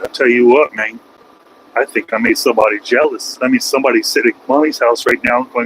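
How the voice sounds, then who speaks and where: A man's voice: medium pitch, steady tone, a little fast, a bit bright, a little hiss or hum, low-quality recording. A man, a truck driver, ranting on a casual livestream from his cab while driving, crude and taunting. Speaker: truck driver streaming live.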